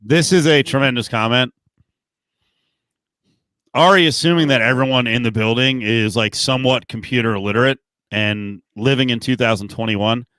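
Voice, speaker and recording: Smooth-voiced male podcast host. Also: medium pitch, moderate pace, no room sound. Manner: relaxed host reading chat comments. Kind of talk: casual chat.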